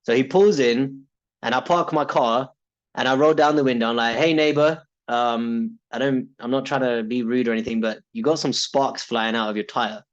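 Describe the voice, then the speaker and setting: A man's voice: mid-range voice, moderate pace, lo-fi sound. A British man talking casually and reflectively about his coaching, rambling with restarts and laughs. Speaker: coaching client.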